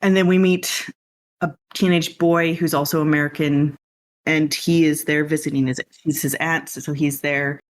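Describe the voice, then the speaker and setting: A man's voice: a little high, flat delivery, normal speed. A man hosting a podcast, casually recapping a film in a chatty, rambling way with lots of asides. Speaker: podcast host.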